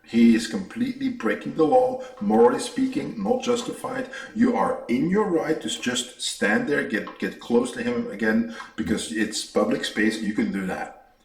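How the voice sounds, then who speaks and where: A man's voice: mid-range voice, very animated, normal speed, vocal fry, roomy sound, far from the mic. A man hosting a podcast, arguing his point emphatically with analogies and the odd curse word. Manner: emphatic, argumentative, uses analogies and profanity. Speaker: podcast host. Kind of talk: conversational interview.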